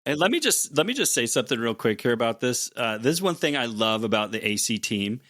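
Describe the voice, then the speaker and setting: A man's voice: medium pitch, very animated, fast talker, a bit bright. Enthusiastic male podcast co-host. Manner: enthusiastic, repeats words. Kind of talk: casual podcast chat.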